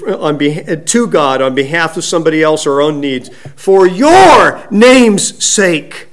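A man preaching a sermon, slow and emphatic, dropping at times to a soft hush. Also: fairly high pitch. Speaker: pastor.

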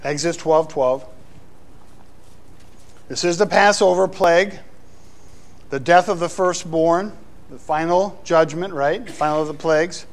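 Male pastor, middle-aged, high-pitched voice, preaching with animated, playful asides. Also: a little slow, pauses often. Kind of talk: sermon.

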